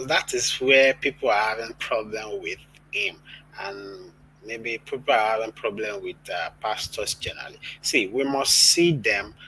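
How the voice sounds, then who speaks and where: A man hosting, explaining his view in measured commentary with fillers. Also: mid-range voice, sharp tone, a little hiss or hum, rough recording. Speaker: host. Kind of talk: casual commentary.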